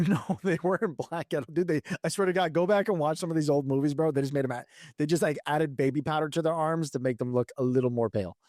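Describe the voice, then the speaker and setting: A man's voice: fairly high pitch, steady tone, fast, hardly any pauses, a little mellow, no room sound, clean studio sound. A man in his thirties co-hosting a casual podcast, rambling and swearing with frequent restarts and laughs. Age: 30s. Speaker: podcast co-host. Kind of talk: casual chat.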